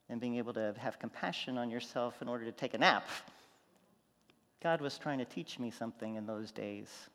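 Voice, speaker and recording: Pastor preaching in an echoing hall. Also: male voice, mid-range voice. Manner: storytelling, shifts from loud animated to soft. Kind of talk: sermon.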